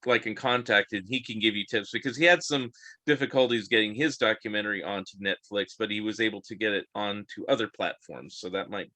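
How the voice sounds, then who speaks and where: A man hosting a podcast, asking rambling, halting questions in a casual interview. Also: on the low side, sharp tone, no echo. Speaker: podcast host.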